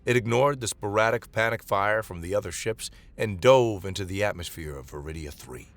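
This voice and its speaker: Low-voiced man narrating sci-fi. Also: no room sound. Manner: dramatic, measured reading. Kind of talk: dramatic sci-fi story narration.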